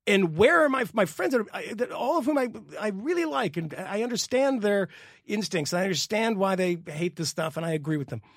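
A man on a podcast going on an animated, exasperated rant, swearing and laughing as he talks. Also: high voice, brisk, no echo, clean studio sound. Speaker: podcast co-host. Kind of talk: casual political rant.

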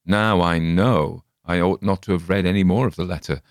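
A man narrating a gothic story in a measured, dramatic reading. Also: low-pitched, steady tone, clean tone, dry recording, studio quality. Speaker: audiobook narrator. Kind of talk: scripted narration.

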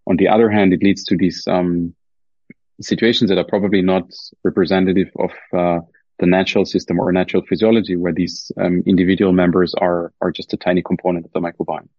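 Low husky man with a German accent. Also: level tone, quick pace, darkish tone, no echo, highs cut off. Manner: careful, explanatory, frequent fillers and restarts. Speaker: guest scientist. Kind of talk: podcast interview.

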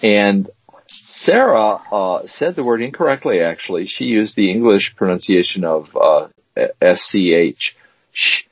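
A man co-hosts a podcast in loose, rambling chat, often stopping to restart his sentences. His voice is husky and sits fairly low. The recording is dry and a little dull. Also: expressive, unhurried, no room sound. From United States. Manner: rambling, with many fillers and restarts. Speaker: podcast co-host. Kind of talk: casual chat.

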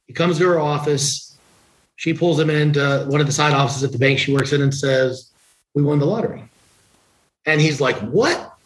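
A man's voice: on the high side, fairly quick, poor audio. A middle-aged man, a trial attorney guest on a podcast, telling a long story conversationally and slipping into the voices of the people in it. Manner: conversational, animated anecdote-telling with quoted dialogue. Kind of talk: casual storytelling interview.

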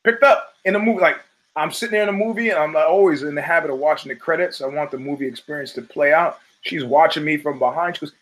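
A man's voice: fairly high pitch, fast, fairly bright tone, rough recording. A middle-aged man hosting a podcast, rambling through profane stories with many restarts. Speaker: podcast host. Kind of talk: casual monologue.

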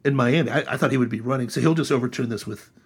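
A man hosting a casual political chat podcast, sarcastic and animated. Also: mid-range voice, racing, husky. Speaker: podcast host.

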